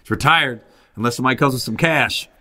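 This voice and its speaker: A man hosting a podcast, telling animated stories in casual chat and breaking into high laughing impressions. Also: quick pace. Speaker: podcast host, comedian.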